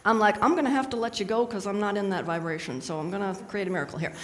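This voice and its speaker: A woman's voice: medium pitch, rapid-fire, in a large hall. A middle-aged woman speaking as a spiritual speaker to a live audience in a chatty, storytelling manner.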